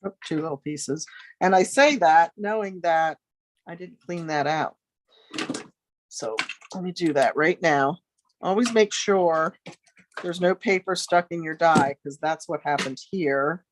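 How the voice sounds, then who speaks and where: In her home studio, a middle-aged crafting demonstrator talks through a casual tutorial, musing aloud and tossing in friendly asides. She speaks low and unhurried, with noise in the background.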